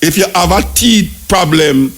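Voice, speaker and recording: Jamaican radio host, gravelly husky voice, higher pitched, impassioned preachy rant. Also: male voice, a little slow. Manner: animated, ranting, preachy. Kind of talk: impassioned talk radio commentary.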